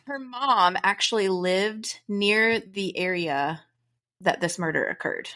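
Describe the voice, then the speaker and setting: A woman's voice: medium pitch, slow, sharp tone. Chatty American woman podcast host. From United States. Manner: chatty, upbeat, storytelling. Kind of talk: casual true-crime podcast chat.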